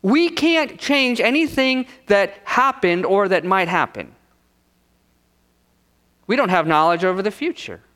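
A man preaching a Sunday sermon, his voice high and swinging widely in pitch as he builds through rhetorical questions. He talks slowly and deliberately, leaning into dramatic pauses. The sound rings with the long reverb of a large church hall. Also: expressive, a bit bright. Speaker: pastor.

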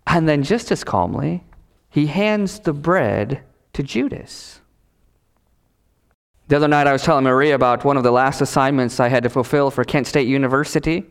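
A male pastor preaching a sermon, emphatic, with repetition and dramatic pauses. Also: mid-range voice, gravelly, smooth. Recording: reverberant hall.

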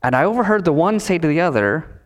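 A male pastor preaching a sermon, emphatic, with repetition and dramatic pauses. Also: a little high, expressive. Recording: reverberant hall.

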